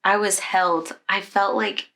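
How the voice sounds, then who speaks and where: Children's ministry leader, woman, bright forceful voice, candid emotional storyteller with lots of fillers. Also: medium pitch, steady tone, slow. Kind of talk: personal storytelling in a conversation.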